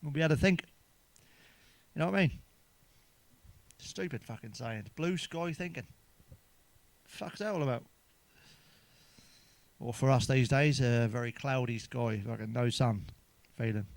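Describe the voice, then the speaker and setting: A man's voice: medium pitch, measured pace, vocal fry, long pauses, dry recording. A man telling crude jokes in a sweary monologue, chuckling at his own punchlines. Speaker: stand-up comedian.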